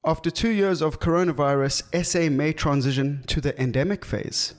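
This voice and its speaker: Young guy on a podcast, jokey, laughs at his own bits. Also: fairly high pitch. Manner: jokey, quick asides, laughs at own lines. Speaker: podcast co-host. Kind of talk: casual comedic chat.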